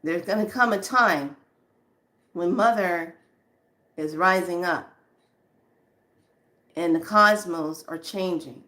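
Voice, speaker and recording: Chatty woman giving a spiritual talk. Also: lowish voice. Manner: chatty, animated, laughs often, acts out quotes; slows to a soft hush on calming lines. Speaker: spiritual teacher. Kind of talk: casual spiritual talk to viewers.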